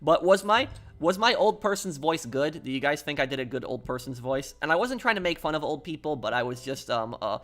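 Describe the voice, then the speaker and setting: A man's voice: a little high, lively intonation, a little fast, hardly any pauses, fairly bright tone. A man streaming a game and chatting casually with his viewers, rambling and repeating himself as he tells a story. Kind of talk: casual live-stream chat while gaming.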